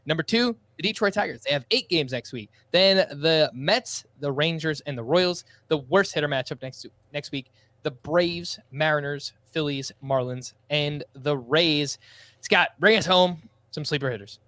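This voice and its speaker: A man hosts a fantasy baseball podcast and runs the segments in upbeat, quick banter. His voice is a little higher than most men's. The sound is close and dry. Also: pushed and bright, no echo. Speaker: podcast host. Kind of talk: casual podcast chat.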